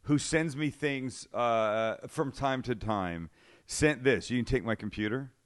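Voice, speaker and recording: A man hosting a relaxed studio chat show. He talks in a self-deprecating, animated way, acting out little scenes in borrowed voices. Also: mid-range voice, unhurried, clean tone. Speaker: show host.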